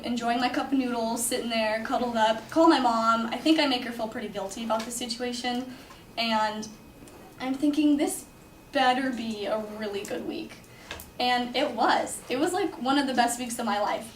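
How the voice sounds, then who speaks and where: A woman's voice: on the high side, recorded from a distance, a little hiss or hum. A young woman from California telling a personal story in a chatty way, with lots of "like" fillers. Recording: echoey room, speaker away from mic, faint ambience.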